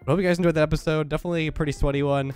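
A young man with a stuffed-up, nasal voice, giving quick, focused play-by-play commentary on his own game. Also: on the high side, fairly even intonation, a little mellow, clean tone, soft background music. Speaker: gaming YouTuber. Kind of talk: live gameplay commentary.

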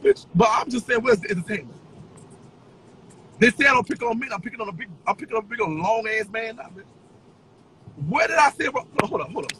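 Male streamer, very high and lively pitch, taunting profane rant with sing-song shouting. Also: a little hiss or hum, rough recording. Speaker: social media personality. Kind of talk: profane ranting livestream.

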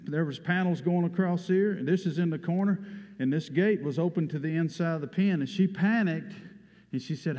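A man's voice: a little high, moderate pace, darkish tone. A man preaching a sermon, telling a story in a folksy way. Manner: folksy storytelling, Southern turns of phrase. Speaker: pastor. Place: church sanctuary. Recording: dull sound with long hall reverb.

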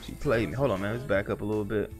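A man's voice: lowish voice, rapid-fire, faint music behind. A man doing let's play commentary, reacting with slangy, profane banter as he plays. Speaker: gaming commentator.

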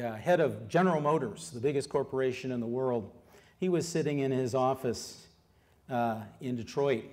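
A middle-aged man gives a public history lecture as an author. He talks in a lively, conversational way, drawing the audience in with questions. He pauses often with fillers as he goes. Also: mid-range voice. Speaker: author giving a history talk.

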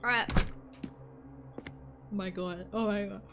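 A woman's voice: mid-range voice, steady tone, measured pace, background noise. A woman chatting casually on a live stream while playing a game, joking and greeting her chat between yawns.

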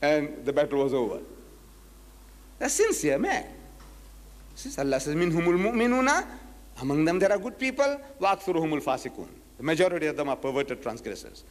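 A man from South Africa giving a public lecture as a Muslim preacher, telling stories with acted-out dialogue and slowing down to quote scripture. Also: on the high side, big-room sound. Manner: animated storytelling, acts out dialogues, slows to quote scripture.

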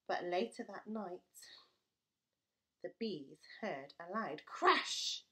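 A woman teacher reading a children's storybook aloud to her class, with expressive, playful storytelling. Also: medium pitch, takes it slowly.

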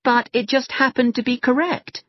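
A man voicing a lively, outspoken young woman with a bright, pointed delivery. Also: extremely high pitch, moderate pace, no room sound, dull audio, voice pushed up.

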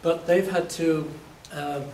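A man from England giving a university lecture, telling lively stories and acting out his examples, his voice a little hoarse. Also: on the high side, slow pace. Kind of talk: classroom lecture. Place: lecture hall. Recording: echoey hall, distant mic, faint noise.

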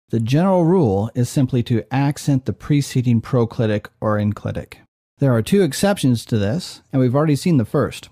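A man who teaches Greek, giving a calm, methodical, scripted grammar lesson to viewers. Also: medium pitch. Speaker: Greek professor.

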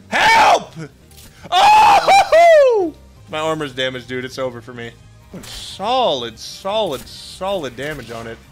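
A young man chatting casually while playing a game, excitable and swearing often. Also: mid-range voice, normal speed, faint music behind. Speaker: gaming YouTuber. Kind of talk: casual gameplay chat.

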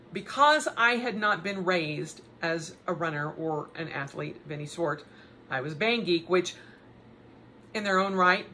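Bright, slow-talking chatty woman. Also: lowish voice, slight background noise. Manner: chatty, animated storytelling with laughs and asides. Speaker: podcast host. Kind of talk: casual personal monologue.

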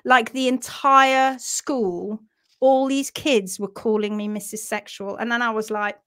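Animated, laughing woman. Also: fairly high pitch, unhurried. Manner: animated, self-mocking, laughs often. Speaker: host of a live horse-care session. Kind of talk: casual live storytelling.

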